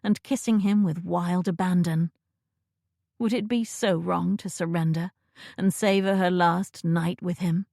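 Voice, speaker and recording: A woman narrating a romance audiobook in a measured, intimate way, close to a studio mic in a dry booth. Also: fairly low pitch, darkish tone, dry recording.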